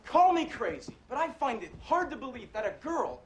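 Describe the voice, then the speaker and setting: A man's voice: fairly high pitch, big pitch swings, fairly quick, slight background noise. An actor playing a worried medical student confronting his girlfriend, earnest and pleading in a film scene. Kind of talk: film drama dialogue.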